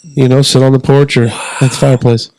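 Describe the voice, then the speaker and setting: A middle-aged man from Southern Indiana, co-hosting a podcast in casual chat, relaxed and joking as he lays out his plans step by step. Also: medium pitch, a little fast, no echo, poor audio. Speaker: podcast co-host.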